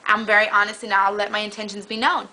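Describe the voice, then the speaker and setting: A young woman vlogging in casual chat, rambling through an animated story. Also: medium pitch, fast talker, low-quality recording. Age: young adult.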